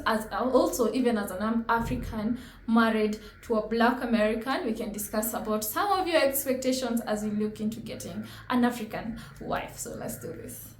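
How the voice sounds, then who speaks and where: Casting: lively, chatty woman from Kenya, reaction host, fairly high voice, roomy echo. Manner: animated, chatty, laughs often. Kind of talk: casual reaction commentary.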